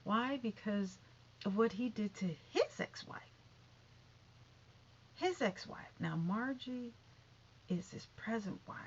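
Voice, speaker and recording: Chatty, catty woman with lively pitch. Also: muffled recording. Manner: chatty, catty, with asides and repeated no's. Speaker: gossip vlogger. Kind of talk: casual celebrity gossip commentary.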